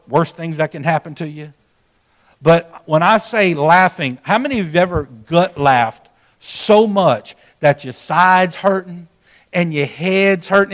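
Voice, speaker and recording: A middle-aged man preaches from the pulpit in a high-pitched voice. He tells a personal story in a folksy way, speaking straight to his congregation. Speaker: pastor. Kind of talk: sermon.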